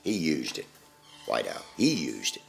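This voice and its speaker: An older man recounting his memories in an interview, plain-spoken and halting, with pauses and restarts. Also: rumbling low, wildly swooping pitch, gravelly, soft background music.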